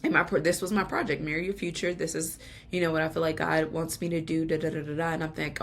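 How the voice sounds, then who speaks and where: A woman's voice: sits low, flat delivery, fast, a little hiss or hum. A woman podcast host giving an earnest, emotional personal faith testimony, laughing now and then between lines.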